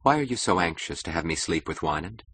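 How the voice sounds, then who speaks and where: A man voicing a detached, ironic young woman who speaks in a calm, dry and cutting way. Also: low voice, fast, slightly rough, no echo, exaggerated voice. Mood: cool.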